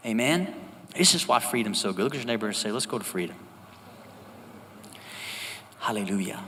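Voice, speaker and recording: A man preaches to his congregation. His voice is bright and forceful, and he keeps the tone conversational while calling for responses. The sound carries the long reverb of a church hall, with a faint hum of ambience underneath. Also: on the low side, animated, normal speed, pauses often. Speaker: pastor. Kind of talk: sermon. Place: church sanctuary.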